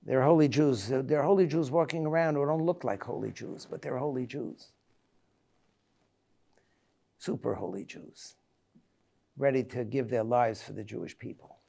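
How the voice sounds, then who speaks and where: A man in his seventies, a rabbi giving a reflective Tisha B'Av lecture, telling personal stories in a halting way. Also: medium pitch, gravelly, warm tone. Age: 70s.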